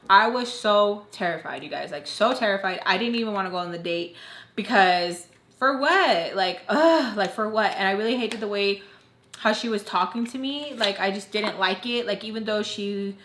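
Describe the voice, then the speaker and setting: A woman's voice: mid-range voice, a bit bright. Chatty young woman in a roomy space. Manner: chatty, heavy use of "like", addresses viewers as "you guys". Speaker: storytime vlogger. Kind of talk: casual storytime narration. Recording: roomy echo.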